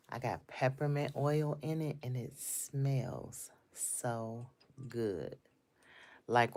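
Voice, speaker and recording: A woman's voice: rumbling low, slight background noise. A woman in her fifties chatting casually on a live stream from her home office, talking to viewers by name. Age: 50s. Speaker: livestream host.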